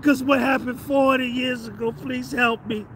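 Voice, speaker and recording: A man's voice: very high-pitched, steady tone, normal speed, fairly bright tone, a little hiss or hum. A man doing a whiny self-pitying crybaby. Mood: mocking plea. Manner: mocking, sing-song pleading.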